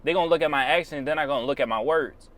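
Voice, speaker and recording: A man's voice: on the high side, very fast, fairly bright tone. Blunt man giving slangy life advice. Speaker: YouTuber. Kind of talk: casual motivational monologue.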